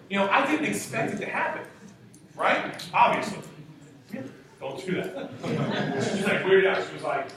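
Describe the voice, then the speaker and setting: A young man, a sales trainer, giving an enthusiastic, high-energy motivational talk to a room of sales reps. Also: measured pace, a loud crowd. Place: meeting room. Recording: echoey room from far off, faint noise.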